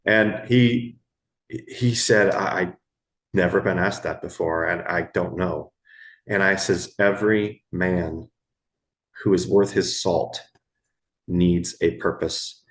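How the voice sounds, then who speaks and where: Middle-aged guy telling er medic stories on a podcast, real low voice, slow and halting. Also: a bit bright. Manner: slow, halting, pauses and repeats words. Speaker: guest, former ER medic. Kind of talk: storytelling in a podcast interview.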